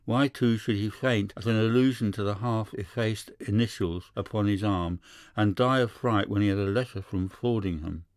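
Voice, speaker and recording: Male narrator, scripted narration, measured, low pitch, dry. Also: a little mellow, no room sound. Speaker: audiobook narrator.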